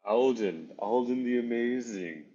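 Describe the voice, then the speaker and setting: A man's voice: medium pitch, unhurried, dark tone, breathy edge, lo-fi sound, voice pushed up. A man voicing a boastful, pompous male wizard full of self-importance. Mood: grand, boastful.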